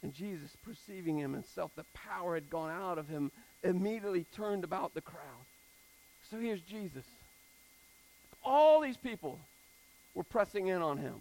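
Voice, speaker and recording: High, gravelly-voiced male preacher. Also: normal speed, rough recording. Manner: animated, conversational, repeating phrases for emphasis. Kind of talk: sermon.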